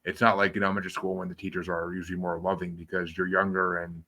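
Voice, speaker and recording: A man's voice: low-pitched, little pitch movement, fast, heavy background noise. A young adult man hosting a casual interview, talking loosely, swearing offhand and laughing often. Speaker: podcast host.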